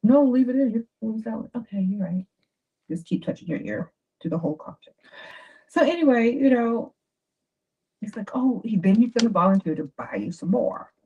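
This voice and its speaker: A woman giving dating advice in a chatty, animated livestream talk. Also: a little high, moderate pace, husky. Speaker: advice host. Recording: dull lo-fi sound.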